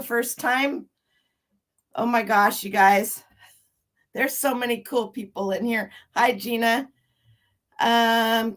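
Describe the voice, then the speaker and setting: A woman in her fifties with a voice on the high side hosts a casual livestream, laughing, chatting warmly and greeting viewers one after another.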